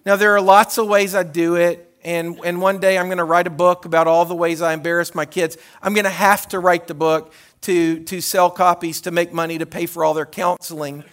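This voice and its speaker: High-voiced man preaching with dynamic swings. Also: a little fast, few pauses. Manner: animated preaching, swings from hollering to hushed tones; repeats words when restarting phrases. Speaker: pastor. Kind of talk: sermon.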